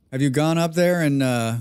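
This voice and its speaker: Slow-talking man chatting on a game stream. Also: mid-range voice, darkish tone, smooth, no room sound, clean studio sound. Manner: chatty, talks to himself and chat, repeats phrases. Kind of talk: casual live-stream gameplay chat.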